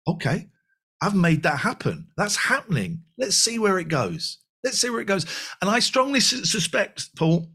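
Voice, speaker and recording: A man's voice: high-pitched, very animated, moderate pace, pushed and bright, breathy edge. A man of about fifty, a podcast guest talking candidly and animatedly, with frequent restarts and repeated phrases. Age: 50s. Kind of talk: candid conversational reflection.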